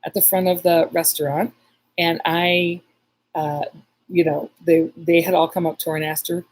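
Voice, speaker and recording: A woman's voice: on the low side, level tone, normal speed, poor audio. A woman psychic medium telling a story in a casual live stream, rambling with many restarts and reading viewer comments aloud.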